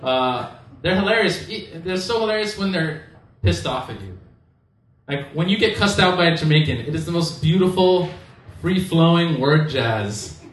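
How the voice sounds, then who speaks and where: A man doing a loose, rambling stand-up set on a comedy club stage, with bursts of shouting. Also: on the high side, lively intonation, normal speed. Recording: echoey room, distant mic, faint noise.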